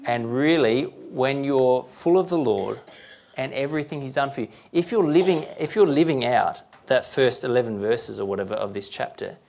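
A man's voice: medium pitch, creaky, darkish tone. A man preaching a sermon, talking conversationally and checking in with rhetorical questions.

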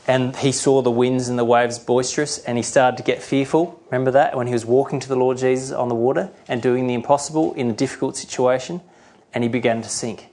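Middle-aged guy preaching, earnest, acts out voices now and then, average pitch. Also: dark tone. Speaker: pastor. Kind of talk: sermon.

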